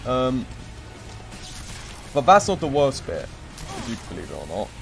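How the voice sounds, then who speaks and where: A man's voice: mid-range voice, huge pitch swings, measured pace, vocal fry. A young man streaming, telling a rambling story in casual chat with lots of fillers and acted-out quotes. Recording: music playing behind.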